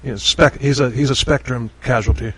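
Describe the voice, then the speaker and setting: A male podcast host chatting casually with a guest. He rambles, restarts his sentences and laughs often. His voice sits in an everyday middle pitch. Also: steady tone, fairly quick, fairly bright tone, husky, poor audio. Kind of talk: casual chat.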